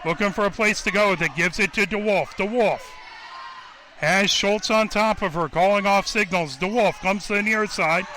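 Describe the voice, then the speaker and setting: A high-voiced man calls a basketball game play-by-play on radio. He names every pass in a quick, running commentary and gets louder whenever someone scores.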